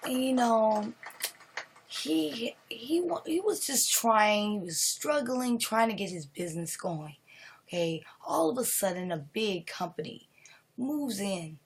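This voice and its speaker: A woman's voice: on the high side, expressive, takes it slowly, breathy edge, low-quality recording. A woman live streaming, telling a horror story in a rambling way, with restarts and dips into whispers.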